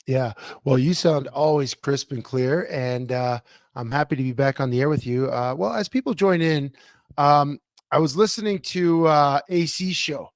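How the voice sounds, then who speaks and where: Man co-host, animated storyteller, slightly high voice, dry sound. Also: normal speed, no echo. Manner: animated storyteller, many fillers and restarts. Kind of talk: casual sports talk show chat. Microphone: remote computer mic.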